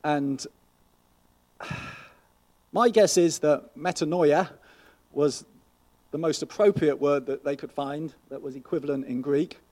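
A man delivers a sermon in an earnest, conversational way, often turning to the listeners with rhetorical questions. His voice sits a little high, yet it sounds warm and mellow rather than bright. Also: takes it slowly, pauses often. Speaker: pastor.

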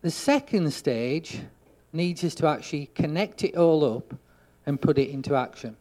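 A man preaching a sermon, telling a story and acting out the dialogue, getting loud for emphasis. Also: a little high, expressive, normal speed.

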